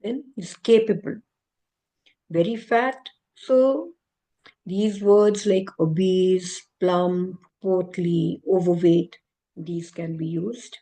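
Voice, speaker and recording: A woman tutoring English exam vocabulary, slowly listing one example word after another. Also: on the low side, steady tone, warm tone, poor audio. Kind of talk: vocabulary lesson.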